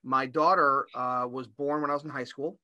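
Bright, animated man in his fifties hosting. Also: mid-range voice, normal speed, dry recording, muffled recording. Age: 50s. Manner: animated, repeats words while storytelling. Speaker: podcast co-host. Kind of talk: podcast interview conversation.

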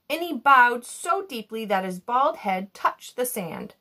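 Animated woman reading a storybook aloud. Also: a little high, unhurried. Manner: expressive, animated. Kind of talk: reading a children's book aloud.

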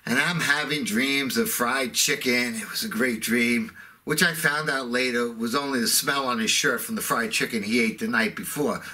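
A man's voice: mid-range voice, sharp tone, slightly rough. A middle-aged man telling a sarcastic, self-mocking comic rant. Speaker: comedic ranter.

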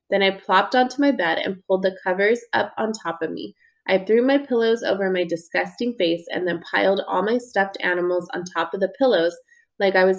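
Woman reading a children's audiobook. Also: mid-range voice. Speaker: audiobook narrator. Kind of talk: first-person audiobook narration.

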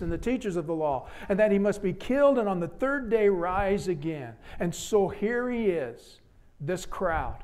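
A man preaches dramatically from the pulpit of a church sanctuary, his fairly high voice falling to quiet, earnest pleas and rising to loud exclamations.

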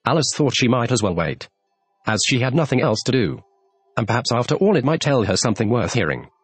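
A man narrating a classic children's story with an expressive, lively reading. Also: medium pitch, brisk, husky, no echo, faint music behind. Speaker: audiobook narrator.

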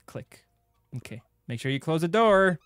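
Excitable young gaming streamer guy. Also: a little high, normal speed, smooth, no room sound, studio quality. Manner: excitable, joking, crude, bursts into loud yelps. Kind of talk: gaming playthrough commentary.

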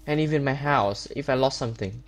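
Medium in pitch and fairly quick, the voice belongs to a Minecraft YouTuber using a desktop setup with a webcam. He's upset as he narrates gameplay, complaining, stumbling over his words and saying things more than once.

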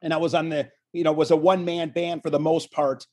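A man who commentates on wrestling, spinning stories as a guest on an interview show. He acts out the people in his stories with a lively delivery. His voice has a husky, slightly rough edge. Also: a little high, fast talker. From Wisconsin. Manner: animated storyteller, acts out quotes. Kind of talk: casual storytelling interview.

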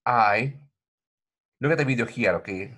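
Husky man teaching pronunciation. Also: on the low side, animated, normal speed, fairly bright tone. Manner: repetitive, addresses viewers as my friends, frequent okay. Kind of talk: online language lesson.

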